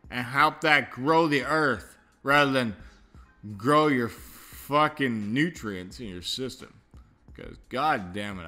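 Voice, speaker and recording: A man's voice: medium pitch, pushed and bright. A man hosting a casual livestream chat, rambling, swearing a lot and laughing often. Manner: profane, rambling, quick to laugh. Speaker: livestream host.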